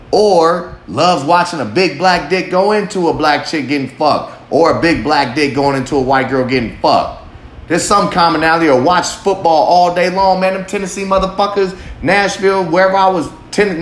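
A man hosting a podcast who talks bluntly and swears constantly in a rambling monologue. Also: high-pitched. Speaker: podcast host. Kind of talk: profane monologue. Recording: echoey room, faint background hum.

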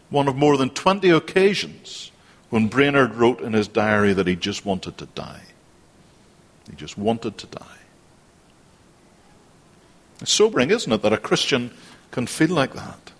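A man's voice: mid-range voice, very animated, normal speed, long pauses. A man preaching a sermon, earnest and repeating phrases for emphasis. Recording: long hall reverb.

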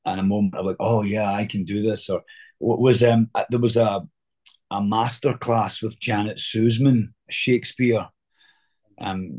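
Husky-voiced Scottish man telling stories. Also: lowish voice. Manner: rambling anecdotal teller, many fillers. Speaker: guest actor. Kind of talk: casual interview storytelling.

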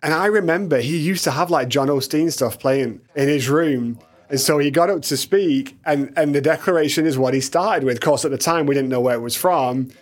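A man hosting a casual studio conversation, relaxed and rambling with many fillers. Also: fairly high pitch, brisk, few pauses. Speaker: podcast host. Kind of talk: casual chat.

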